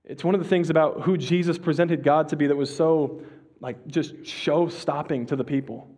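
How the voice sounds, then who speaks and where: A male pastor gives a relaxed, conversational sermon full of slang and restarts, dropping into a slow hush on key phrases. His voice is on the high side with a breathy edge.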